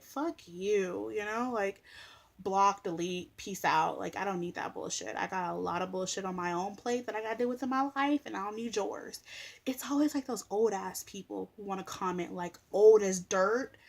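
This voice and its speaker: A woman's voice: mid-range voice, gravelly. A young woman venting on her vlog, blunt and sassy, swearing freely as she complains about people telling her what to eat. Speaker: vlogger. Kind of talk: casual vlog rant.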